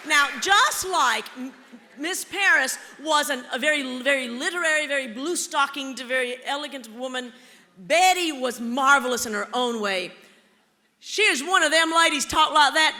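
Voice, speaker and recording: Lively, playful woman storyteller on stage. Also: sits high, normal speed, some chatter behind, a little hiss or hum. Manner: theatrical, playful, teasing the audience. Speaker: keynote speaker, storyteller. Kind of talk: live storytelling keynote. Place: large auditorium. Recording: long auditorium reverb.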